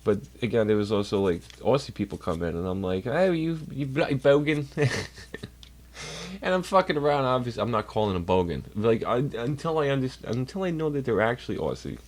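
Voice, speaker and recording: A man's voice: lowish voice, animated, fast talker, few pauses. A man chatting casually on a livestream from home, rambling and swearing while doing chores. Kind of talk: casual rambling stream chat. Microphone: computer mic while streaming.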